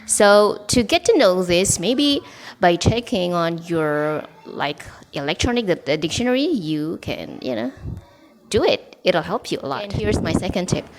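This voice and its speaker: Indonesian-accented woman teaching English, lowish voice. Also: big pitch swings, measured pace. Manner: chatty, explains with examples and fillers. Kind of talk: casual teaching video.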